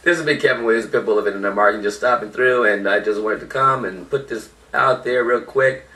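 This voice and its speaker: Bright-voiced man in an echoey room. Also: fairly low pitch, a little fast, far from the mic. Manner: emphatic, repeats key points, chuckles. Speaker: motivational speaker. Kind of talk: informal motivational talk.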